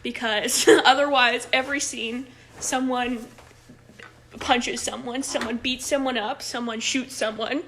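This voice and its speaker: Young female improv coach, bright and sharp, casual and filler-heavy, talking into a phone. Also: a little high, steady tone, unhurried, a little hiss or hum. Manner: chatty, laughs often, many "like" fillers. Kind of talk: casual livestream talk.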